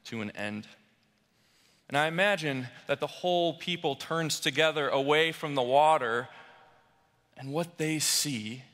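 A young man preaching a sermon in a church, slow and dramatic, crying out the voices of a desperate crowd. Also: mid-range voice, bright, forceful tone. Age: young adult. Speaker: pastoral resident. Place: church sanctuary. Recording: long church reverb.

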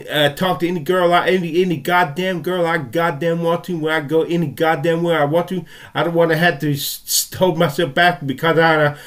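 Furious, swearing man with a higher voice. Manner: furious, profane and stammering. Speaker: vlogger. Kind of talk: angry ranting monologue.

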